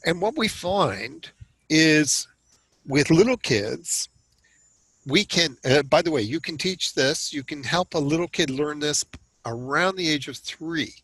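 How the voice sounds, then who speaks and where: A man's voice: fairly high pitch, a bit bright, husky, no echo, poor audio. An older man from Canada speaking as a guest expert, explaining in an earnest, conversational way and often restarting words when he stresses a point. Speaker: self-regulation expert guest.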